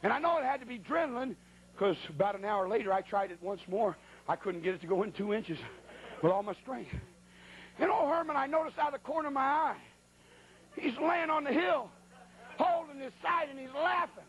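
Very high-voiced folksy preacher man. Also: a little fast, muffled recording, a little hiss or hum. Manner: colloquial, animated, acts out sounds and voices. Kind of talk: folksy storytelling sermon.

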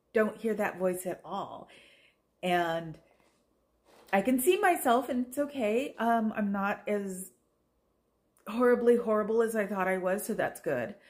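Tired, rambling middle-aged woman from Oakland. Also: medium pitch. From Oakland, California. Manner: meandering, chatty, self-deprecating. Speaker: vlogger. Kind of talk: casual rambling chat.

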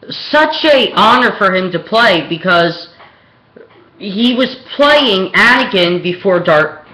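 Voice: mid-range voice, sharp tone. A young adult vlogger from Pennsylvania delivering a rambling, hesitant film rant full of ums and restarts. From Pennsylvania, USA. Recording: echoey room.

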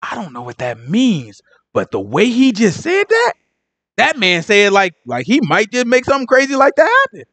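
A man teaches scripture in loose street slang, playing out the characters as he talks. His voice sits high and swings widely in pitch. The sound is dry and close. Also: moderate pace, dry recording. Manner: slangy, animated, acts out characters. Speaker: Bible teacher. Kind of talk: casual Bible teaching.

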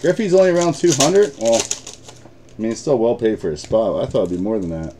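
A man's voice: mid-range voice, lively intonation, fairly quick, dark tone, a little hiss or hum. A man with an American accent hosting a live card break, chatting casually, swearing and laughing often.

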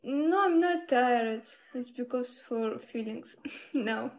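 Slow, gravelly young woman streamer. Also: a little high, lively intonation, darkish tone. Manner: simple broken English, answers chat, laughs often. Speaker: live streamer. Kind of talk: casual live-stream chat.

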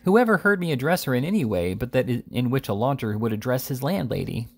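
A man voicing an indignant, excitable elderly gentleman who declaims in outrage. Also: mid-range voice, fast talker.

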